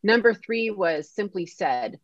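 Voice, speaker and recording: A woman who is a guest on a podcast, telling a story in a lively way and acting out the lines people said to her. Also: mid-range voice, unhurried. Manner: animated, acts out quoted dialogue. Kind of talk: casual storytelling interview. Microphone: podcast mic. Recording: dull lo-fi sound.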